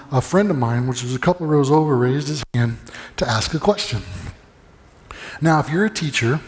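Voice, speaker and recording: A man's voice: a little high, a little mellow, long reverb tail. A male pastor giving a sermon in casual storytelling style, often repeating words as he restarts sentences. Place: church sanctuary.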